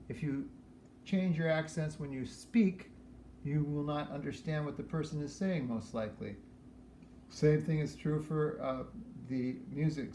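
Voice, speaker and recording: A man teaching piano, explaining practice methods for scales in a relaxed way while he demonstrates. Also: a little high, slight background noise. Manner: relaxed, explains while playing and counting aloud. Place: room with a piano. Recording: echoey room with piano playing.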